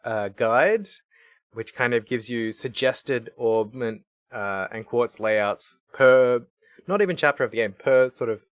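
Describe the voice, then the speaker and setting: A man co-hosting a podcast, chatting about a video game in a relaxed, rambling way. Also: mid-range voice, unhurried, no room sound, studio quality. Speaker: podcast co-host.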